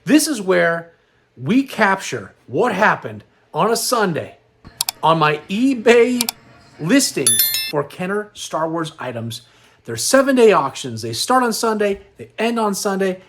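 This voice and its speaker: A man's voice: sits high, very animated, normal speed, fairly bright tone. A middle-aged man hosting a casual vlog, upbeat and rambling, sounding tired and a little worn. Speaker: host.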